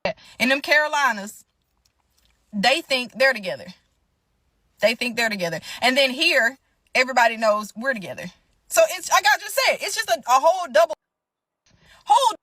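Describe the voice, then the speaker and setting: A young adult woman tells an emotional story straight to her listeners, animated and indignant. Her voice sits a little high and sounds bright and forceful. The recording is dry, with no room sound. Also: brisk, long pauses, dry recording.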